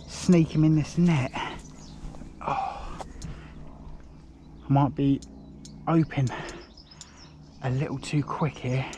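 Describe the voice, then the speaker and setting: A fishing vlogger narrates his own catch live at a lake, breathless with excitement and muttering asides while his arm aches from the fight. The outdoor recording carries a fair amount of background noise.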